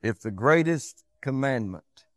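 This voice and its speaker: A man's voice: lively intonation, measured pace, no room sound. Male preacher with a dramatic sermon delivery, dry close recording. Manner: swells loud and high then drops low and quiet.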